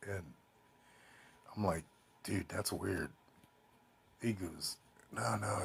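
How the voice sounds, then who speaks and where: A man's voice: sits low, fairly even intonation, slow, pauses often. A man telling a rambling personal anecdote in a casual, swearing way, quoting other people as he goes. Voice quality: very husky. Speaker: storyteller.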